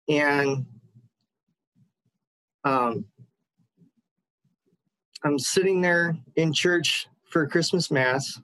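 A man on the line tells a personal story, his voice sitting fairly high for a man. He talks earnestly, stopping and restarting his sentences as he goes. The sound is dry and close, with no room around it. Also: fairly bright tone, no echo, poor audio. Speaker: caller. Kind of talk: personal story told to a radio host.

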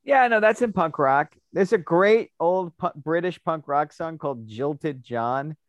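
A man's voice: fairly high pitch, unhurried, no room sound, lo-fi sound. Man, co-host, casual chat, opinionated, stammering starts, dry sound. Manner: animated, opinionated, stammers into points. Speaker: podcast co-host. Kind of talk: casual discussion.

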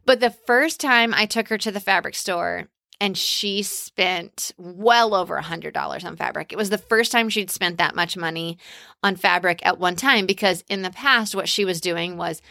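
A woman's voice: on the low side, normal speed, vocal fry, bright, forceful tone, no echo, studio quality. A middle-aged woman hosting a podcast, giving casual, encouraging business advice and speaking straight to her listeners. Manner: encouraging, conversational, addresses listeners as "you guys". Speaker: podcast host.

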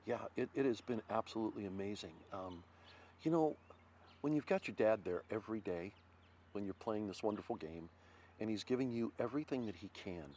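An older Ohio man who used to pitch in baseball tells stories as a guest in a casual interview, loudly acting out quotes with animated flair. His voice sits fairly low and moves briskly, with slight background noise.

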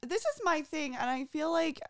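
Woman cohost, kinda high voice, upbeat, dry close sound. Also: lively intonation, moderate pace, vocal fry, a bit bright, dry recording. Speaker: podcast co-host. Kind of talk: casual chat and ad read.

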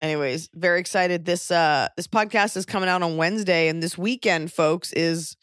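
A pregnant woman hosting a podcast, talking in casual chat with wry, deadpan jokey rants. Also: lowish voice, moderate pace, clear, resonant tone, no echo, clean studio sound. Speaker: podcast host and touring comedian.

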